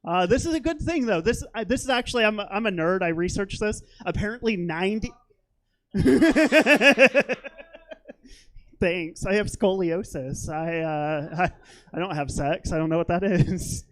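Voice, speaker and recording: A man's voice: high voice, normal speed. A young man doing a stand-up comedy set on a theater stage, rambling and self-deprecating, with lots of fillers.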